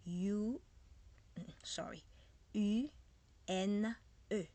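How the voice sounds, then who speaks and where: French-accented woman, native French speaker, language teacher; unhurried, patient drilling, mid-pitched. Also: no room sound. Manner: drills words slowly and repeats them for practice. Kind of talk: beginner language lesson.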